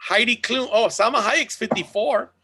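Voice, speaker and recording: High, gravelly man chatting casually. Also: moderate pace, sharp tone. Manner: loose, profane, joking. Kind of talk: casual chat.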